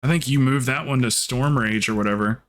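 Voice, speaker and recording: A man's voice: mid-range voice, brisk, fairly bright tone. A man from the South, chatting casually and telling rambling stories during a game stream. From Southern United States. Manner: rambling storyteller, lots of "like" and restarts. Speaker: streamer and group leader. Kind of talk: casual chat during gameplay.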